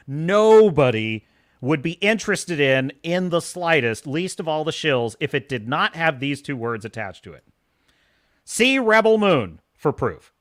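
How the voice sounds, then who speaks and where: Young male streamer, scornful live rant with frequent laughs; brightish voice, higher than most men. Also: unhurried, no echo, studio quality. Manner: animated, scornful, laughs often. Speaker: streamer reacting to reviews.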